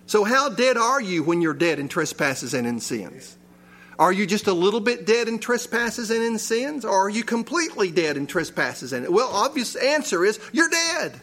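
High-voiced man preaching a sermon. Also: sing-song, moderate pace, a bit bright. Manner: rhetorical questions, rising emphasis. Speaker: pastor. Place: church.

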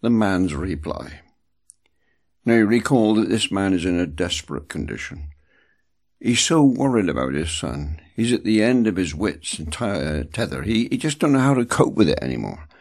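A man giving a devotional Bible talk as a preacher, emphatic and repeating words for stress. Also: moderate pace. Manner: emphatic, repeats words, animated swings in pitch.

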